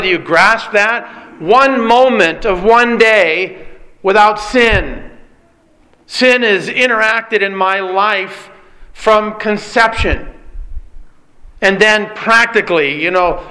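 A man's voice: high voice, sharp tone. A middle-aged man preaching a sermon as pastor, earnest and pleading, often asking rhetorical questions.

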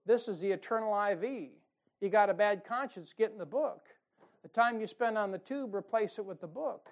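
A man preaching a folksy, emphatic sermon, with sudden loud bursts and mocking quotes. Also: high-pitched, moderate pace. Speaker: pastor. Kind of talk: fiery sermon.

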